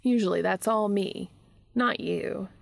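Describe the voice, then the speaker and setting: A woman's voice: medium pitch, measured pace, gravelly, dry recording. A woman voicing a cocky, smirking young man who speaks with easy, drawling confidence.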